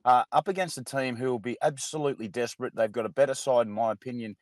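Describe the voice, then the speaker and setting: A man with an Australian accent, co-hosting a sports radio show, giving measured analysis full of "uh" fillers. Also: mid-range voice, no room sound.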